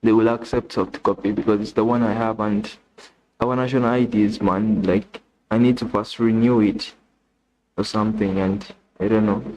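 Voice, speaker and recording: A young man with a Ugandan English accent, chatting casually on a live stream, reading messages aloud and thinking out loud with restarts and questions. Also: fairly low pitch, little pitch movement, moderate pace, slight background noise, rough recording.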